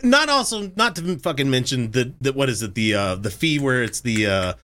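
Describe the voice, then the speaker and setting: A man's voice: mid-range voice, animated, moderate pace, bright, forceful tone, a little hiss or hum. A man in his forties chatting casually on a livestream, telling stories animatedly, acting out dialogue and swearing freely. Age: 40s. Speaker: podcast co-host.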